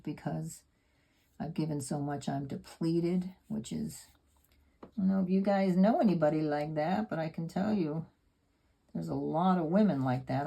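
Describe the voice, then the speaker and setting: Woman, 70s, low mellow gravelly voice, rambling self-deprecating sketchbook chat. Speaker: sketchbook artist. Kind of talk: casual reflective talk while painting.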